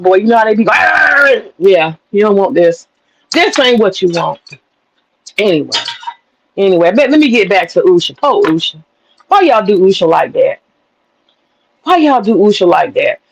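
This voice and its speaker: A woman's voice: mid-range voice, dull audio. A woman from the American South, hosting a livestream and ranting in a blunt, profane, wisecracking way. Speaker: livestream host. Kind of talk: casual commentary rant.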